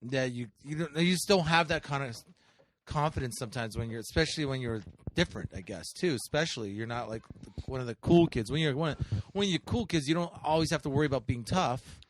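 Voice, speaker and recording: A man's voice: medium pitch, fairly quick, a little hiss or hum. A man co-hosting a podcast, telling a story in a rambling, profane way full of fillers. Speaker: podcast co-host. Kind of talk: casual chat.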